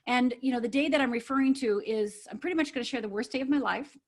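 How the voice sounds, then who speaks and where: A woman's voice: fairly high pitch, fast. A woman from Upper Michigan, a life coach guest on a podcast, telling a personal story in an earnest, emphatic way and often checking in with "right?". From Upper Michigan, USA.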